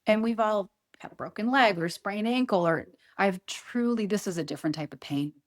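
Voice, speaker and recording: A woman's voice: mid-range voice, moderate pace. A middle-aged woman speaking earnestly as an interview guest, often repeating herself and quoting her own thoughts. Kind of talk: emotional interview conversation.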